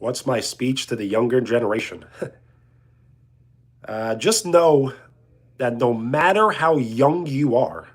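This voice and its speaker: Young male streamer, husky tone, lively up-and-down delivery, jokey and loose with chat. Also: medium pitch, slow pace, pauses often. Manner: joking, chuckling, reading viewer questions aloud. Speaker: livestreamer answering chat. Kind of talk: casual live chat.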